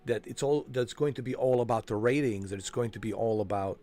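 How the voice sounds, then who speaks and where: A man's voice: mid-range voice, brisk, warm tone, slight background noise. Rambling casual gamer guy. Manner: rambling and loose, peppered with "man" and "dude"; frequent fillers and self-corrections while searching for names. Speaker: gaming channel host. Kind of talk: casual chat over a game walkthrough.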